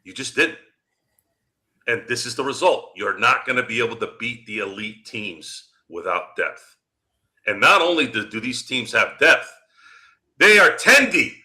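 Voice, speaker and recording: A man's voice: medium pitch, lively intonation, measured pace, sharp tone. A man hosting a sports podcast, delivering a heated, profane rant and jabbing at his critics. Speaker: podcast host.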